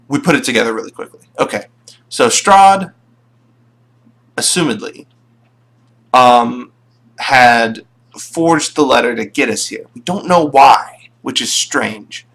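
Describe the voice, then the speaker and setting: A man's voice: mid-range voice, expressive, unhurried, gravelly, a bit bright. A man casually recapping his tabletop game sessions, rambling with plenty of fillers. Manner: rambling, full of fillers and restarts.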